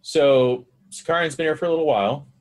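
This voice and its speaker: A man playing in a tabletop game, chatting in a joking, animated way. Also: on the high side, fairly quick. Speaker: player. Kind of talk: casual chat at a tabletop game.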